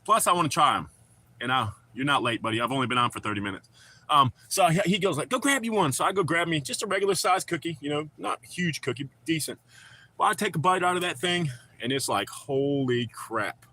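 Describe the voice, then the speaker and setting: A man, chatting with his live-stream viewers in a loose, profane way. His voice sits a little high and sounds bright and forceful. He talks casually. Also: expressive, brisk.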